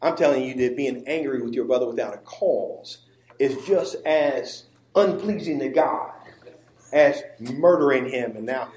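High-voiced preacher man in an echoing hall. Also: lively intonation, unhurried. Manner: emphatic, swings from quiet asides to near-shouting. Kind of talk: sermon. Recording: roomy echo.

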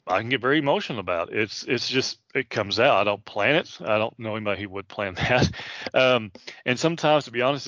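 A man's voice: medium pitch, a bit bright, dry recording, highs cut off. A man in his late thirties, a preacher, teaching a Bible passage in an earnest, casual way with many fillers and restarts. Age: 30s.

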